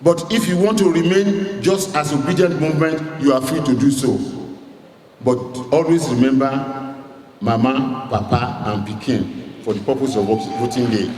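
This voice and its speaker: A man's voice: medium pitch, normal speed, darkish tone, a little hiss or hum. A man giving a rousing, emphatic rally speech as a campaign director general, calling out to the crowd. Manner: rousing, emphatic oratory with crowd call-outs. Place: large hall at a rally. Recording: echoey hall recording with faint ambience.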